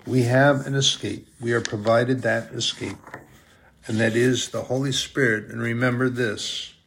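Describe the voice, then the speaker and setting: A man preaching a sermon, slow and deliberate, drawing out his emphatic phrases. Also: medium pitch, steady tone, vocal fry, a bit bright, slight background noise.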